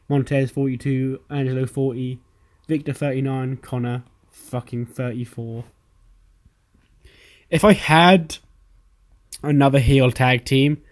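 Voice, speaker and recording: A man with a medium-pitched, slightly mellow voice casually narrates his own playthrough of a wrestling management game as a let's-player. He swears freely and briefly acts out the characters' lines while telling the story.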